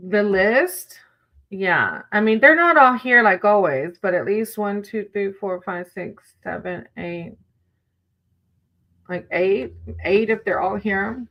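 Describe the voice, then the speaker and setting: A woman's voice: mid-range voice, lively intonation, slow, dull audio. A woman hosting a casual livestream, chatting with viewers between tarot readings, giggling often and calling people sweetie.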